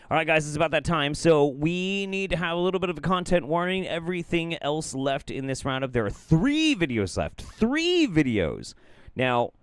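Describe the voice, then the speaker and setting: A man's voice: mid-range voice, no echo. A man hosting a show of reaction clips, joking in a profane, playful and exaggerated way as he comments. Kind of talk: casual comedic commentary.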